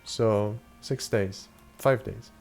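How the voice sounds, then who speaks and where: A man's voice: on the low side, steady tone, very slow, vocal fry, a little mellow, faint music behind. A young German man chatting loosely with his viewers while playing a game, swearing casually and answering chat questions. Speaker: streamer. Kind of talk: casual live-stream chat.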